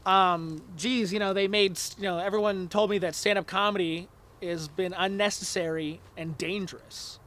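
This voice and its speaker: A man, a stand-up comedian guest, talking in a halting, deadpan, sarcastic way in casual chat. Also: high voice.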